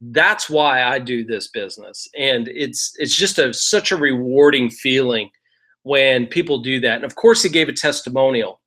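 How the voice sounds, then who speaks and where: A man's voice: mid-range voice, moderate pace, a bit bright. A middle-aged man telling a real estate investing story as a casual lesson, talking conversationally and often checking in with "right?".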